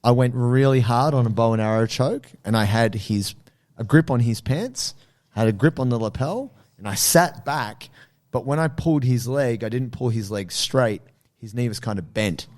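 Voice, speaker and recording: Male podcast co-host, mid-pitched, lively storyteller who acts out scenes. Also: normal speed. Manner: animated storyteller acting out his own reactions. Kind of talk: casual podcast chat.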